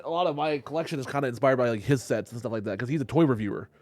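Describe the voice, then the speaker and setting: A man's voice: medium pitch, racing, a little mellow, no room sound. A man hosting a casual podcast chat, swearing freely and laughing often. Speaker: podcast host.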